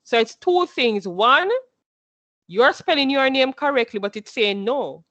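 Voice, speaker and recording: A woman teaching a computer class in a patient, step-by-step way, repeating each instruction and quizzing her students. Her voice is a little high, and the recording sounds dull and dry. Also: very animated, unhurried, bright, forceful tone, no room sound.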